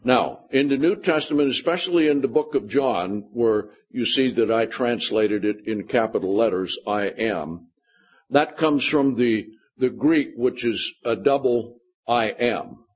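Male pastor, husky voice, patient verse-by-verse Bible teacher, dull lo-fi sermon tape. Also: medium pitch, unhurried. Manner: explains scripture verse by verse, often checks in with "Okay?".

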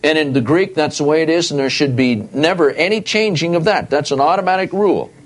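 A man teaching a Bible study, reading verses aloud and repeating key words with deliberate stress. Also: fairly high pitch, a little hiss or hum.

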